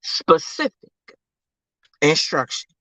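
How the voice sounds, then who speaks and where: Live-stream host, forceful faith pep talk, dry close sound, big swings from hushed low lines to loud high outbursts. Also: slow, dry recording, highs cut off. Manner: preachy, emphatic, repeats phrases, calls listeners baby. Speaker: livestream host.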